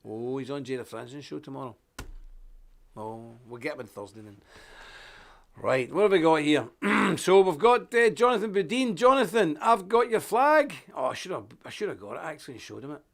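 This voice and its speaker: A man presenting a live online show, talking in an animated, folksy rant while unwell with a stuffy nose. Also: a little high, normal speed, vocal fry. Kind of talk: live broadcast chat and rant.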